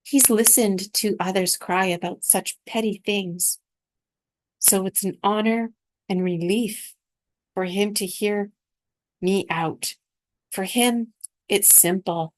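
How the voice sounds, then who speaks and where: A woman reading aloud from her own spiritual dream journal in a soft, unhurried, reflective way. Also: mid-range voice.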